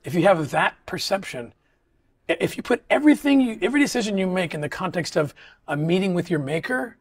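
In a casual interview conversation, a middle-aged male guest talks with earnest sincerity, stumbling and restarting sentences frequently. His voice is high, with lively intonation.

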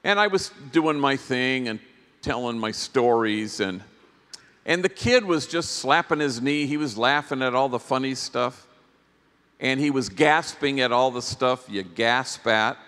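Slow, gentle priest storyteller in a hall. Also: male voice, medium pitch, lively intonation. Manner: gentle, reflective storyteller with pauses. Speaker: priest giving a workshop talk. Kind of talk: storytelling keynote talk. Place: large conference hall. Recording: long hall reverb.

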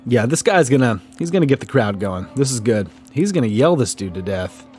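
A man's voice: medium pitch, very animated, a little fast, a little mellow. A man casually commentating his own gameplay, joking and reacting playfully. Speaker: gaming YouTuber. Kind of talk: casual let's-play commentary.

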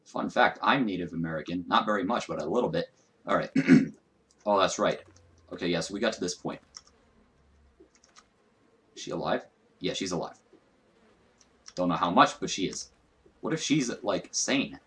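A man's voice: sits low, lively intonation, moderate pace, pauses often, fairly bright tone. A young man giving casual, profane, self-mocking commentary while playing a video game. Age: young adult. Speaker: gaming YouTuber. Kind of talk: let's play commentary.

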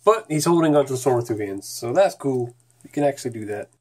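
Relaxed, chatty male toy reviewer. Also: mid-range voice, quick pace. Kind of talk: casual product review.

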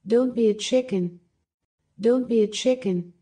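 Woman, careful language-course reader, repeats each phrase, mellow voice. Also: on the high side, a little slow. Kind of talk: slow repeated phrase reading for learners.

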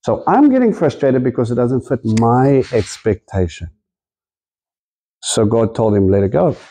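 A man's voice: mid-range voice, big pitch swings, measured pace, dark tone. A man preaching a sermon in a conversational, storytelling way, acting out the quotes in his stories.

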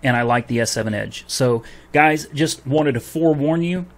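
At normal speed and medium pitch, a vlogger delivers an angry customer rant to camera over a phone refund. He swears heatedly while recounting the back-and-forth he had with a store clerk.

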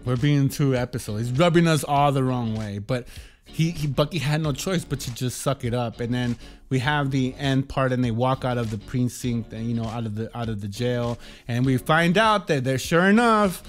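A man gives a casual spoken TV review, excited and rambling, stumbling over repeated words as he acts out the characters' lines. His voice sits at an ordinary male pitch. Faint music plays underneath. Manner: animated, many restarts and repeated words, acts out quotes. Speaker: TV show reviewer.

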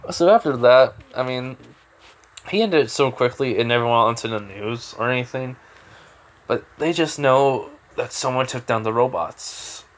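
A man's voice: mid-range voice, moderate pace. Rambling young man retelling a fan story. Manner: rambling, lots of fillers.

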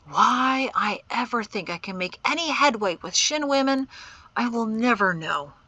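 A woman's voice: a little high, animated, a little slow, dry recording, dull audio, pitched above the performer's own voice, heavily acted. A woman reading an audiobook, voicing a stern, protective middle-aged man who is the group's guide and an exasperated uncle. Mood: grudging. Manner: forceful and exasperated.

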